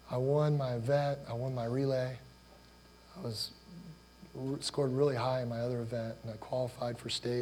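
A man's voice: medium pitch, a little mellow, slight background noise. A man in his forties, a pastor from Ohio, giving a conversational sermon built on personal stories and questions to the congregation. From Ohio, USA. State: choked up with emotion.

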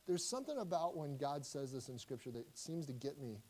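A man, a pastor, preaching a sermon in a conversational way, with frequent restarts and slow, emphatic lines. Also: fairly high pitch, very animated, a little mellow, low-quality recording.

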